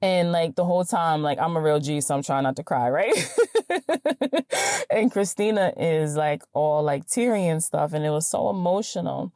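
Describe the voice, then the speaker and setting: A woman podcast host telling a story in an animated, chatty way, acting out the dialogue. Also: low voice, fairly quick, hardly any pauses, no echo, studio quality. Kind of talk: casual storytelling.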